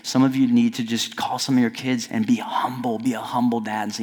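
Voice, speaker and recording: A middle-aged male pastor preaching a sermon in a conversational style, at times climbing to near-shouting. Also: medium pitch, little pitch movement, brisk, few pauses. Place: church sanctuary. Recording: long reverb of a church hall.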